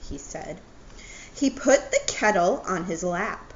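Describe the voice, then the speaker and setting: A woman's voice: fairly low pitch, lively intonation, slow. A woman teacher reading a picture book aloud to children in a friendly way, stopping to explain words. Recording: dull lo-fi audio with faint noise.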